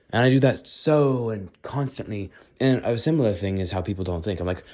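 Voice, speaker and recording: He's a teenage vlogger talking on the move, his voice on the low side and a bit mellow. He speaks a little fast with hardly any pauses, rambling and thinking aloud in a casual walk-and-talk style, often abandoning thoughts midway.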